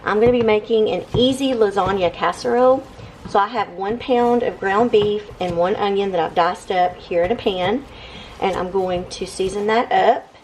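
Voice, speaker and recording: A woman with a drawl talks through a home cooking session, chatty and relaxed, tossing in y'all often. Her pitch sits mid-range for a woman, with faint household sounds in the kitchen behind her. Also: normal speed, a little hiss or hum. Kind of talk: casual cooking chat.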